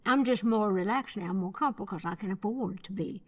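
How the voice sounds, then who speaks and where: A woman speaking in a relaxed interview, reflective and easygoing with a small laugh. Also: mid-range voice, brisk. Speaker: interviewed singer.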